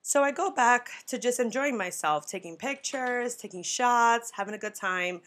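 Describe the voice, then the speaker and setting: A young woman hosting a podcast, telling a story casually, swearing freely, saying 'like' constantly and acting out what people said with sudden jumps in pitch. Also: moderate pace. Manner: animated, swearing, heavy on filler 'like'. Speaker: podcast host.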